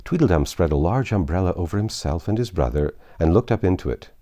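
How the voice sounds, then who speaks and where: A man narrating a classic novel with an expressive, theatrical reading. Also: low-pitched, fast.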